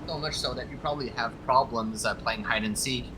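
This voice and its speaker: A man's voice: mid-range voice, background noise. A man playing a co-op game with friends, making teasing jokes in voice chat. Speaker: co-op player. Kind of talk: casual gaming chat.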